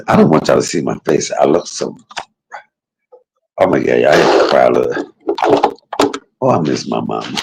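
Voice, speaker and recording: Speaking in a rumbling, creaky low voice against a noisy background, a man streams live from a private hospital room. His casual, emotional talk rambles with heartfelt feeling, and he keeps turning to his viewers to address them as "y'all."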